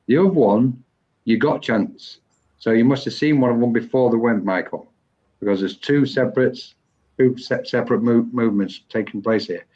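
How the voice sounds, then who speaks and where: A man hosting a live online session and giving a psychic mediumship reading, pausing often and restarting as he searches for words. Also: mid-range voice, mellow. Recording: dull lo-fi online stream.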